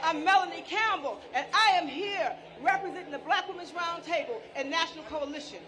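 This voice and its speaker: A woman's voice: very high voice, a little fast, bright, forceful tone. A woman speaking at an outdoor street rally, folksy and playful, leading the crowd in chants. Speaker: rally speaker, organization leader.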